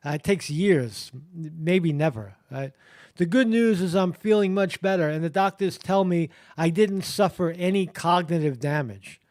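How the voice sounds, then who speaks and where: A man hosting a live stream, reading headlines and commenting in a halting, blunt way, full of fillers and swearing. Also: a little high, darkish tone, no echo, clean studio sound. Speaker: live show host.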